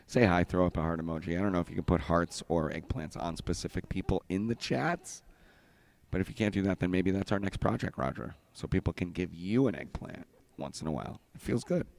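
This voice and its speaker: A man with a low voice hosts a loose, crude chat show. His pitch swings widely as he jokes, greets viewers and breaks into loud outbursts. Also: expressive, brisk, vocal fry. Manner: loud, joking, bursts into shouts. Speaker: podcast host. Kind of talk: casual crude banter.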